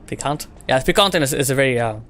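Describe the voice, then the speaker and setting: A man streams a game and chats with his viewers. His voice sits at an ordinary middle pitch. He rambles, repeats phrases and fills the gaps with filler words. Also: expressive, normal speed, a bit bright. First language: French. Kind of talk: casual stream chat with viewers.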